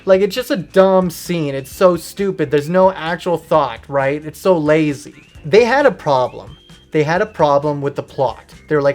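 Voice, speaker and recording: A woman's voice: sits low, moderate pace, a little mellow, faint music behind. A woman talking through a casual, opinionated video essay, informal and loose with fillers.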